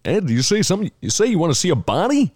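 A man putting on the voice of a gruff, indignant older man, gravelly and animated. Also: high-pitched, fast, no room sound, voice pushed up.

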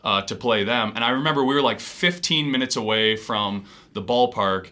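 A man's voice: mid-range voice, normal speed. A young man from Wisconsin, a pro baseball player, telling stories in a casual interview and acting out other people's voices. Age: 20s. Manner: animated storyteller, acts out others' voices. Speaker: pro baseball pitcher, guest.

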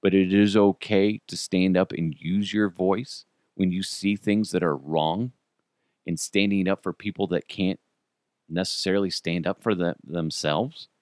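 A man's voice: low voice, fairly even intonation, a little mellow, no room sound, studio quality, voice pushed down. A man putting on a solemn Robin Hood. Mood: solemn encouraging. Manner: clear, measured, solemn delivery. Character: Robin Hood, male festival storyteller giving a calm pep talk.

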